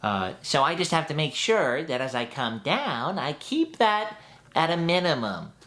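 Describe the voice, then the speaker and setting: A man's voice: fairly high pitch, big pitch swings, unhurried, a bit bright. A man teaching a voice acting tutorial in an upbeat, chatty way that breaks into laughs at his own asides.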